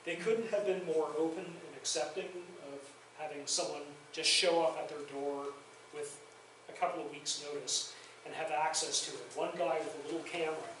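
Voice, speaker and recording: A man's voice: on the high side, steady tone, a little fast, a bit bright, slight background noise. A man giving a public lecture in a university lounge, telling chatty, self-deprecating stories about his filmmaking. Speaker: guest lecturer and documentary filmmaker. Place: university faculty lounge, indoors. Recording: very echoey room, voice far from mic.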